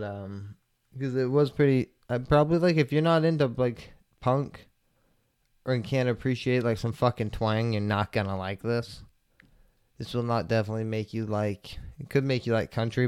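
A young man hosting a casual podcast, rambling and swearing a lot, stoned and relaxed, with lots of filler words. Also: fairly low pitch, clean tone. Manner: rambling, profane, laid-back, lots of "like" fillers. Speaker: podcast host. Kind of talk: casual solo podcast chat.

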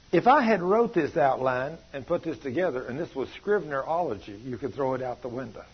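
A husky-voiced man with a drawl preaches to his congregation, his pitch sitting a little high for a man. His folksy cadence swells and falls away. The recording is dull and lo-fi. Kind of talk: sermon.

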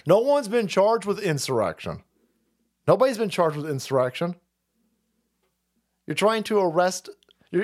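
Crude ranting male streamer. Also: a little high. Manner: crude, mocking, laughing, ranting. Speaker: streamer host. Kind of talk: profane political commentary stream.

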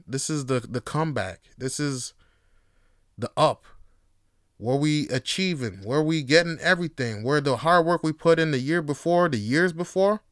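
A man's voice: fairly high pitch, moderate pace, a bit bright, no room sound, clean studio sound. A man hosting his own show, talking in a loose, profane solo monologue with laughing asides. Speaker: host.

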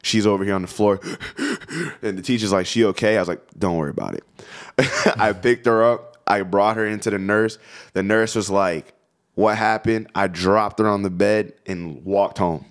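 Low-voiced young man telling a story. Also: moderate pace. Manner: animated, profane storytelling with laughs. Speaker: podcast co-host. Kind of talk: casual storytelling chat.

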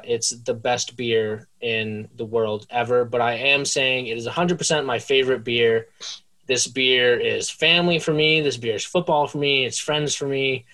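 Deliberate man reviewing beer. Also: mid-range voice, bright, forceful tone. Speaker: podcast co-host. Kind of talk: casual beer review chat.

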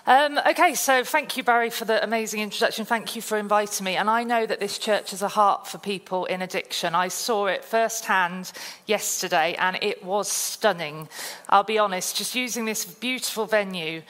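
A woman from the South Coast of England giving a chatty testimony talk as a guest speaker, telling stories in a lively, self-deprecating way. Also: mid-range voice, normal speed. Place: church hall. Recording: reverberant hall.

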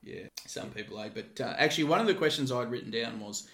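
Aussie host, blunt and sweary, tells stories loud, echoey room. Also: male voice, mid-range voice, fast. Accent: Australian. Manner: blunt, heavy swearing, animated storytelling. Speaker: podcast host, former bouncer. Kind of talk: casual chat.

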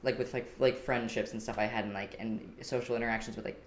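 A man's voice: mid-range voice, fairly even intonation, fast, echoey room, a little hiss or hum. A man co-hosting a podcast, talking casually in a reflective, rambling way with many fillers. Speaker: podcast co-host.

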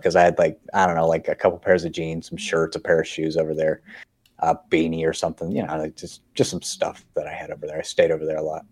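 A man's voice: very deep voice, level tone, fast talker, a little mellow. A man hosting a podcast, chatting casually and telling rambling stories, swearing often. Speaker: podcast host. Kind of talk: casual chat.

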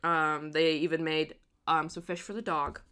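A woman's voice: sits low, level tone, normal speed, sharp tone, clean tone. A woman casually telling a true crime story, swearing freely and laughing often.

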